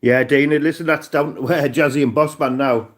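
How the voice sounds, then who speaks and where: A man's voice: a little high, steady tone, a little fast. Rambling Cumbrian man on a livestream. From Cumbria, England. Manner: rambling, chatty, peppered with "mate". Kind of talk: casual live-stream chat.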